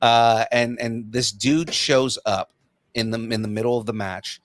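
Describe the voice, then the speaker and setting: Man, podcast host, rambling animated storyteller, mid-range voice, dry close sound. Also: medium pitch, a little slow, no echo. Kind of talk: casual chat.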